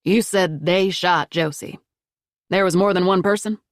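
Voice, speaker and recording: A woman reading the lines of a calm, wary male sheriff in a steady, reassuring tone. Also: high-pitched, a little slow, dry recording, clean studio sound.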